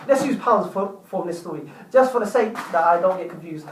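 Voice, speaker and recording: High-voiced guy telling a story on his vlog, repeats himself, echoey and kinda far from the mic. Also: moderate pace. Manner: chatty, repeats words while telling. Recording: roomy, distant from mic.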